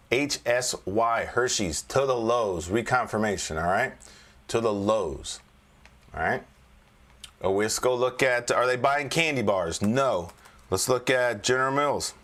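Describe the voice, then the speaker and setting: A man's voice: medium pitch, a bit bright. Chatty, joking male trading coach. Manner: chatty and joking, keeps checking in with "all right?". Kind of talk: casual screen-share market review.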